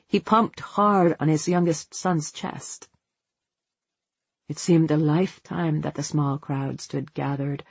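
A narrator reading a novel aloud as an audiobook in a measured, unhurried way. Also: mid-range voice, slightly rough, no room sound.

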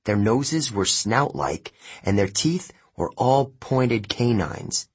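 A man reading a first-person novel aloud as an audiobook narrator, measured and steady. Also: mid-range voice, husky.

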